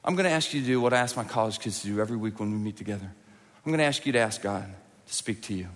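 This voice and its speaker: A middle-aged man preaching a sermon in a large church auditorium, conversational and animated, often acting out quotes and asking the crowd for hands. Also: fairly low pitch, rapid-fire, big-room sound. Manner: animated, conversational, with acted-out quotes and audience prompts. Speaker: pastor.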